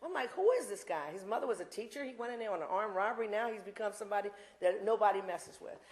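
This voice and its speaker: A woman's voice: medium pitch, rapid-fire. Impassioned woman in her sixties, echoey hall. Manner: impassioned, blunt, rambling with asides. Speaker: invited speaker. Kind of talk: campus talk with audience Q&A. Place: university lecture room.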